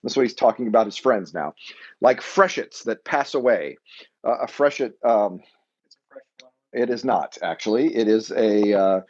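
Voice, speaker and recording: A man leading a weekly Bible study lesson, talking conversationally and pausing to explain terms. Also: lowish voice, mellow, highs cut off.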